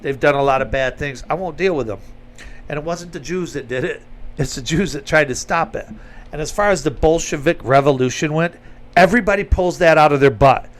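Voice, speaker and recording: A man's voice: on the high side, brisk. A man giving a blunt, emphatic opinion monologue with sarcastic asides, talking straight to his audience. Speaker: commentator.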